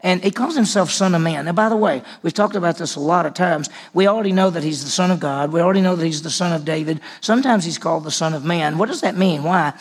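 Gravelly man teaching a Bible lesson. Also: on the high side, fast talker, hardly any pauses. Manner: conversational, repeats words for emphasis.

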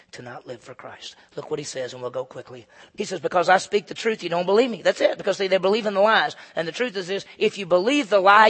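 Male preacher, fairly high husky voice, emphatic sermon delivery, long hall reverb. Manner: emphatic, rising to loud peaks then dropping low. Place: church sanctuary.

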